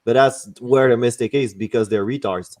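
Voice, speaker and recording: A man from Quebec co-hosting a casual podcast in a studio. He talks bluntly and crudely, with strong opinions. His voice sits at an ordinary middle pitch. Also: moderate pace, a little mellow. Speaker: podcast host. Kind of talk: casual chat.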